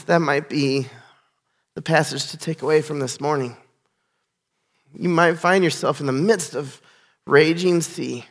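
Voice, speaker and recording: A male pastor with a notably high-pitched voice delivers a sermon. He reads passages aloud, lets some words fall to a near-whisper, and swells into quick, loud proclamation at the refrains. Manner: swings from hushed, drawn-out phrases to loud, fast, rising proclamation.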